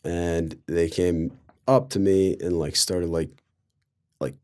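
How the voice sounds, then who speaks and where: Young man, very low voice, rambling sarcastic storyteller stuffed with fillers. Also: fairly even intonation, takes it slowly, a little mellow, smooth. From Colorado. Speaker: guest storyteller. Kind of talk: casual storytelling.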